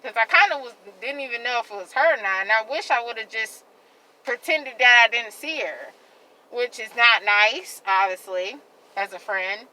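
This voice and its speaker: A woman vlogger venting to her viewers in a heated, rambling rant, repeating herself and filling every pause with "like.". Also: fairly high pitch, pushed and bright, rough recording. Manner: heated, repetitive rant full of "like". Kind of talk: venting monologue to camera.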